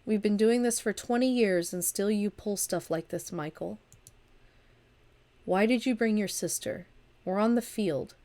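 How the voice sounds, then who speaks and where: A woman's voice: lowish voice, steady tone, moderate pace, a little mellow, natural voice. A woman reading out an exasperated older man in a vampire game, griping as if rehashing an old argument.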